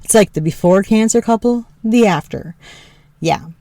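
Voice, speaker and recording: A woman podcast host tells a candid personal story at normal speed in a mellow voice, frank and joking, swearing freely and laughing often. She mimics her husband in a lower voice, and the recording is dry.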